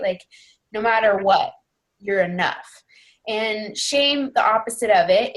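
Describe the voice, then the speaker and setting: A young woman leading a team call as a fitness coach, speaking earnestly in a rambling, casual way full of fillers. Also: mid-range voice. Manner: earnest, rambling, heavy on fillers like "you know" and "like".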